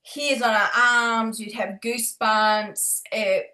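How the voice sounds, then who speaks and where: A woman, a paranormal investigator chatting casually, halting often with fillers and restarts. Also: a little high, steady tone, sharp tone. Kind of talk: casual chat. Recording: roomy echo.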